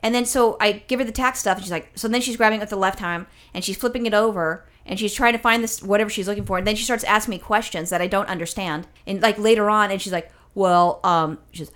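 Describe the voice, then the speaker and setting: A woman's voice: medium pitch, quick pace, few pauses, fairly bright tone. A woman co-hosting a comedy podcast, telling a rambling story and swearing freely.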